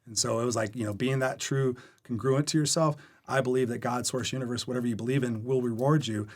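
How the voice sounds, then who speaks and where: Fast-talking, energetic man telling stories. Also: mid-range voice. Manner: energetic, candid storyteller who acts out quoted dialogue. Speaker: guest coach. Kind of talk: storytelling interview chat. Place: podcast recording.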